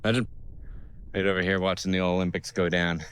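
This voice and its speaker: A man's voice: low-pitched, level tone, fast talker, fairly bright tone, smooth. A man vlogging outdoors on a mountain summit, talking casually into a handheld camera, rambling and joking in awe of the view. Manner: awestruck, rambling, jokey. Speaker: travel vlogger. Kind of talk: casual vlog narration.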